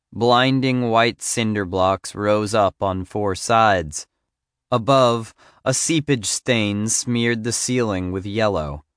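Slow, low-voiced male audiobook narrator. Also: clean tone, dry recording, clean studio sound. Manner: measured, even storytelling.

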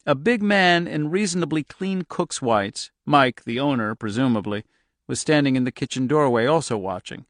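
A man's voice: medium pitch, lively intonation, normal speed, dry recording. Man narrating an audiobook, dry sound. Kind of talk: scripted narration.

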